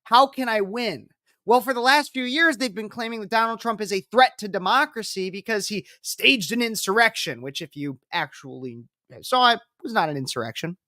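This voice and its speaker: A woman's voice: mid-range voice, lively intonation, brisk, few pauses, pushed and bright, no room sound, clean studio sound. A woman political commentator reacting to a speech clip, talking in an emphatic, repetitive and combative way.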